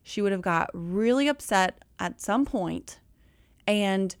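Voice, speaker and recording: A woman, coaching listeners on budgeting in casual, animated chat and calling them y'all. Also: medium pitch, takes it slowly, smooth, no echo, studio quality. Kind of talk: casual talk.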